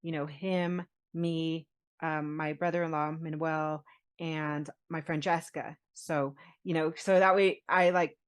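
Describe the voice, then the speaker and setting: A woman in her forties, a podcast co-host, telling a personal story in an animated, laughing way. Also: low-pitched, measured pace, clean tone. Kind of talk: casual storytelling chat.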